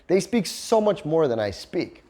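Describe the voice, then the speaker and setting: A man's voice: on the high side, very animated, measured pace, mellow. Man, casual storytelling, laughs a lot, profane, acts out voices. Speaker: vlogger. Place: living in Cambodia.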